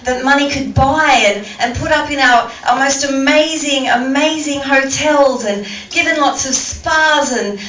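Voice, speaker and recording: A woman's voice: sits high, a little slow, few pauses, a bit bright, roomy sound, distant mic, a little hiss or hum, low-quality recording. A woman with an Australian accent performing a stand-up comedy set, rambling and restarting her sentences often. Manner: rambling, stammering delivery with frequent restarts. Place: comedy venue with audience.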